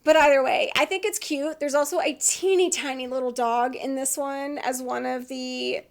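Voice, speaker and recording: Female vlogger, high voice, gravelly fry, chatty and giggly. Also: fairly even intonation, normal speed. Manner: chatty, laughs often, acts out quotes. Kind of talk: casual chat about TV dramas.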